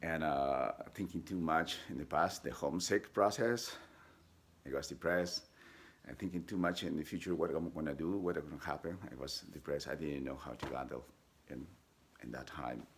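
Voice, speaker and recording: In a personal storytelling style, a deep-voiced, gravelly vlogger shares his life story, stumbling through fillers and restarts. He switches to high, lively voices to quote others, and slight background noise can be heard.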